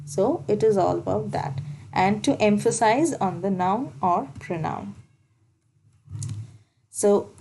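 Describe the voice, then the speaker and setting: A woman's voice: medium pitch, warm tone, low-quality recording. A woman teaching grammar for exams, explaining step by step and repeating key points. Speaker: English teacher. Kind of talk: exam-prep grammar lesson.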